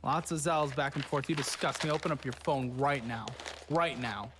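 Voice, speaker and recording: A man's voice: medium pitch, normal speed, noisy background. A man hosting from a studio, harshly berating a guest over her spending in a profane, scornful tirade. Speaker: host. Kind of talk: berating financial review.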